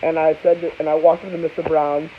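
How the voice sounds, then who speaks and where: High-voiced young man rambling through a story. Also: little pitch movement, fast. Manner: rambling, with many restarts and asides. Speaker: vlogger. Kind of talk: casual storytelling. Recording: tinny phone-like audio with faint hiss.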